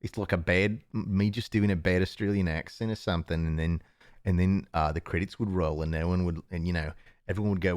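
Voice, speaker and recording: Chatty, rambling man with a low voice. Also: fairly even intonation, a little fast, a little mellow, dry recording, studio quality. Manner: rambling, chuckling, self-interrupting. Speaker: livestream host. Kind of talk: casual livestream chat.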